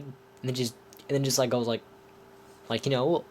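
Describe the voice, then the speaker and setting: A man's voice: medium pitch, steady tone, a little fast, slight background noise. Rambling, enthusiastic young man reviewing films. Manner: rambling, with many restarts. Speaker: film reviewer. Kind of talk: casual movie review.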